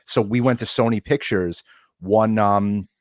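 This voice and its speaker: Low-voiced man telling a lively story. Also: unhurried, no echo, studio quality. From United States. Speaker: co-host. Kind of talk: casual interview talk.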